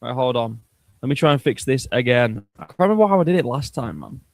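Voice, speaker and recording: A man's voice: mid-range voice, lively intonation, fast talker, no echo. A man hosting a casual livestream, chatting in a joking, crude and rambling way. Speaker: streamer host.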